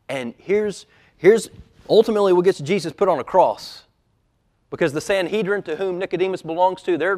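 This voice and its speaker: Male pastor, sermon delivery; hushed low quotes that build to loud emphatic peaks, church auditorium. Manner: acts out quoted lines in a dropped, quiet voice.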